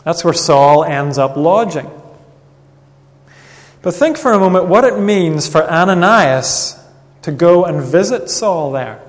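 Man, preacher, somewhat high voice, earnest measured sermon, long hall reverb. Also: animated.

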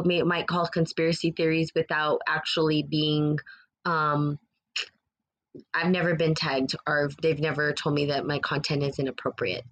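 A woman's voice: low voice, a bit bright. A woman with a New Mexico accent hosting a livestream, moving between an earnest spiritual speech and casual replies to viewers' comments. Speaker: livestream host.

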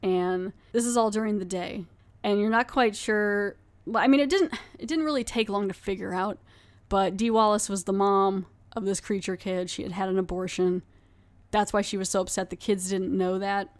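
A woman's voice: mid-range voice, normal speed. A woman talks through a movie in a loose, chatty review. She rambles and leans on fillers like "like" and "you know". She is frank with her opinions and does not hold back. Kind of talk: casual spoken movie review.

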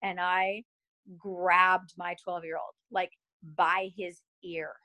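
Candid, emotional storytelling mom. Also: female voice, on the low side, level tone, takes it slowly, bright, forceful tone, rough recording. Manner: emotional and chatty, with many fillers. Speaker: mother sharing a personal faith story.

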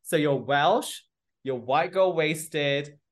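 A man hosting a casual interview podcast, who gives a guest playful challenges in a teasing way. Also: a little high. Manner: playful, teasing, gives quick game instructions. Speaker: podcast host.

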